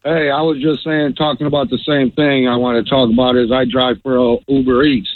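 A man's voice: mid-range voice, little pitch movement, fairly quick, dry recording. A man calling in to a radio show, a food delivery driver speaking in a plain, firm way. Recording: tinny phone line.

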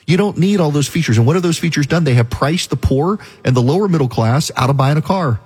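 A man's voice: fairly high pitch, animated, fast talker, darkish tone, breathy edge. A man hosting a talk radio show, delivering an opinionated, emphatic monologue.

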